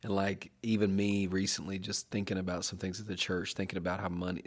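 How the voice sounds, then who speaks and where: Man, podcast host, pastor, fairly low voice, casual, affirming. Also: level tone, a little fast. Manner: affirming, interjects with short hums. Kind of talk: casual conversation.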